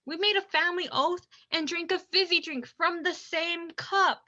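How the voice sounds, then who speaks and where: A woman's voice: very high-pitched, bright, forceful tone. A woman playing a blunt, impatient teenage daughter in an amateur radio play, on dull lo-fi audio. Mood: exasperated. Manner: blunt, impatient, fast when listing. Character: exasperated teenage daughter, about to turn seventeen.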